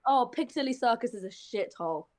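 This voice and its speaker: A woman's voice: fairly high pitch, animated, quick pace, dry recording. A woman with a slightly British accent, ranting bluntly and profanely in a casual voice chat, often restarting her sentences. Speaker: voice chat participant. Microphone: computer mic in voice chat.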